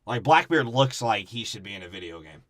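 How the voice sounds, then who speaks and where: A man's voice: lowish voice, expressive, brisk, fairly bright tone, no echo, studio quality. A man co-hosting a podcast, riffing crudely on a movie in casual, profane banter. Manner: crude, joking, heavy profanity. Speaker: podcast co-host.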